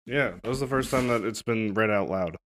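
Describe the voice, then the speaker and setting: A man talks casually on a podcast about a script he wrote. His voice sits low. He speaks haltingly and swears freely. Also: a bit bright, a little hiss or hum. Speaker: screenwriter, podcast co-host. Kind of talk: casual chat.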